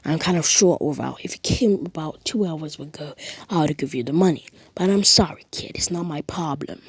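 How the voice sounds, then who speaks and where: A woman's voice: low voice, moderate pace, husky, dry recording, clean studio sound. A woman voicing a dismissive man who talks offhand and half under his breath. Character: dismissive man paying out prize money.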